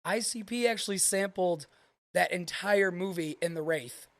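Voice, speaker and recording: A man co-hosting a casual gaming podcast, chatting and telling anecdotes in a relaxed way. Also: high-pitched, moderate pace, no room sound. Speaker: podcast co-host.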